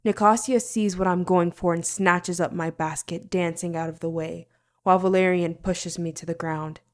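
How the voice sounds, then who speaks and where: A woman reading a fantasy novel aloud in the first person, expressive, sometimes dropping to a near-whisper. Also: fairly low pitch, normal speed. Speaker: audiobook narrator.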